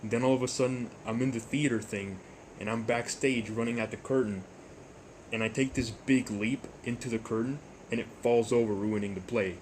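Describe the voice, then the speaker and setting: A young man hosting a storytime vlog, rambling and jokey, with deadpan asides. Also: medium pitch, normal speed, slight background noise. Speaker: YouTuber storyteller.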